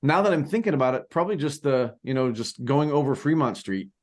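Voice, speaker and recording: In casual podcast chat, this male co-host speaks at a medium pitch, expressive and a little fast. He rambles, leaning on plenty of fillers and restarts.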